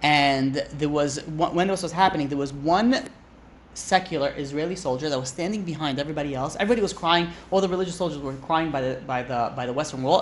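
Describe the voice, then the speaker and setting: Chatty rabbi teaching a class. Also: male voice, on the high side, slight background noise. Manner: chatty, self-interrupting, jokes with the class. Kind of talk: informal Torah class. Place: classroom with a live audience.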